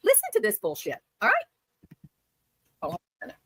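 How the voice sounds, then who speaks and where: Angry woman livestreamer, high bright voice, dry close sound, biting sarcasm. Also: huge pitch swings, fairly quick, slightly rough, no room sound, low-quality recording. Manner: sarcastic, mocking. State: furious. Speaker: live stream host. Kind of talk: angry commentary live stream.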